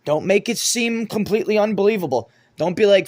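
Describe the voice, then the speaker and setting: A man's voice: high-pitched, lively intonation, fairly quick, darkish tone, dry recording. A man giving a rambling, profanity-laden monologue to camera as a vlogger.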